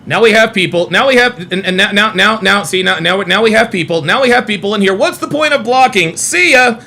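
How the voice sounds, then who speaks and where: Combative high-pitched male streamer. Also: lively intonation, fairly quick, bright, forceful tone. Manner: combative, repetitive, profane. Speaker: host of a live call-in stream. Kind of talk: heated live stream commentary.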